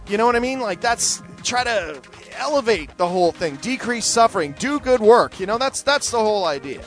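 Male podcast host getting over a cold, high-pitched and rapid, swearing freely while he rants. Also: fairly bright tone. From Canada. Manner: profane, opinionated ranting with mocking impressions. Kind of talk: rambling solo monologue.

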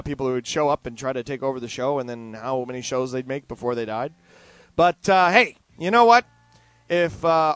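A man hosting his own show, reading out news stories and commenting on them, animated and sardonic, swinging between loud outbursts and muttered asides. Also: fairly high pitch. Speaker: podcast host.

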